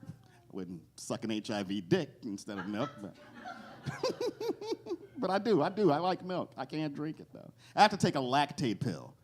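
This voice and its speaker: Lively stand-up comedian, high voice. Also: male voice, a little slow, long pauses, slight background noise. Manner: animated, jumps into loud high character voices for bits. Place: cafe stage with live audience.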